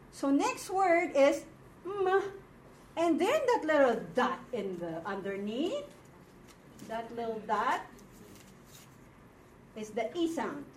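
A woman's voice: fairly high pitch, slight background noise. A woman from the Philippines teaching a class, explaining patiently and checking in with her students. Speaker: Hebrew teacher. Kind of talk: classroom lesson. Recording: echoey room from far off.

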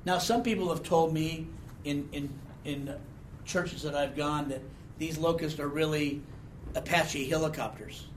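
A man's voice: fairly high pitch, fairly even intonation, unhurried, slight background noise. A man preaching a sermon, talking conversationally and asking the congregation questions with a frequent "okay?". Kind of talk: sermon Bible teaching.

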